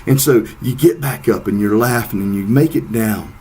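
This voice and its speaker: A man's voice: lowish voice, moderate pace, mellow, breathy edge. A middle-aged man giving a descriptive speech, telling a story and laughing at himself. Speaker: speaker.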